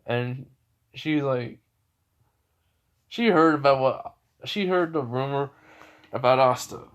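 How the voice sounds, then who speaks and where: A man casually retelling a fan story, rambling with many fillers and self-corrections. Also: mid-range voice.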